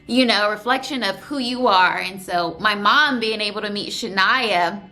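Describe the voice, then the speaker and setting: A woman's voice: mid-range voice, normal speed, faint music behind. A young woman vlogging casually, sharing her surgery story and sometimes holding back tears. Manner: emotional, tearful at times, holding back crying; animated storytelling with voiced quotes.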